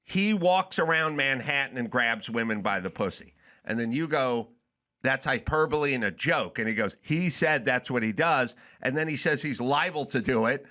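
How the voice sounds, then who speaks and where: Man, podcast host, middle-aged, bright tone, profane emphatic rant. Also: mid-range voice, expressive, moderate pace. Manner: profane, emphatic ranting with mimicked voices.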